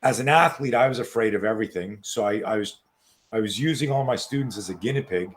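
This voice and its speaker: A man in his sixties, a self-defense coach telling stories as an interview guest, animated and profane, on a video call. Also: fairly low pitch, fast talker. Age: 60s. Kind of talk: casual interview storytelling.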